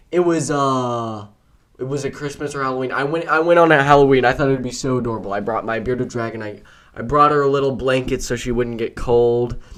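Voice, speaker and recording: A man hosting a solo podcast, ranting in an exasperated, rambling way with frequent restarts. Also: mid-range voice. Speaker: podcast host. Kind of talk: solo rant monologue.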